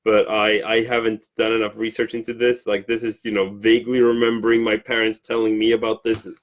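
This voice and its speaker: A Swedish man co-hosting a casual livestream, explaining customs with many pauses and restarts. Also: on the low side, completely flat delivery. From Sweden. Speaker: co-host teaching Swedish. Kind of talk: casual teaching chat.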